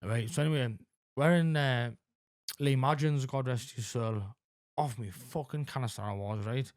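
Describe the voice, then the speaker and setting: Halting, blunt-spoken man in his forties. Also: mid-range voice, no echo, studio quality. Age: 40s. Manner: halting, heavy fillers, frequent swearing. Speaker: podcast guest in addiction recovery. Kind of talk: candid conversational interview.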